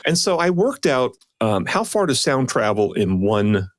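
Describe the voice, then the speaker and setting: A middle-aged man co-hosting a podcast in casual chat, animated and quick to slip into mocking impressions. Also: medium pitch, dry recording, studio quality. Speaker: podcast co-host.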